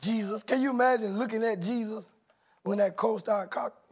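A man preaching a sermon, shouting and acting out quoted voices with call-and-response. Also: high voice, moderate pace, noisy background.

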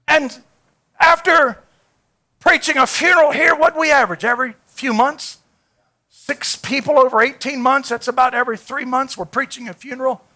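A man's voice: very high-pitched, normal speed, pushed and bright. A male pastor preaching a sermon, telling a personal testimony in an earnest, heartfelt way.

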